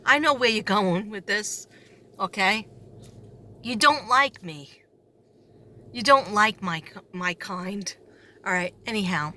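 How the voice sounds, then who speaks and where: A woman's voice: medium pitch, takes it slowly, long pauses. Sarcastic New York woman telling a story. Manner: animated, sarcastic, acts out quoted voices. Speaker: substitute teacher. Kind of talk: storytelling vlog.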